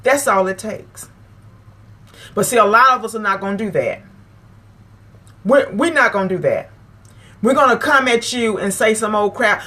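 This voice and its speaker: Bright-voiced emphatic woman. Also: medium pitch, animated, normal speed, pauses often, slightly rough. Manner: emphatic, lecturing, repeats phrases for emphasis. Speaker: vlog host. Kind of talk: preachy advice talk to camera.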